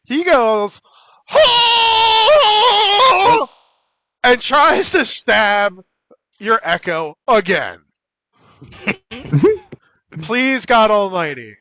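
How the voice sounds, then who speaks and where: High-voiced giggly man running a tabletop game. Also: drawn-out words, pauses often, dry recording, highs cut off. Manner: giggly, animated, swearing. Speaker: dungeon master.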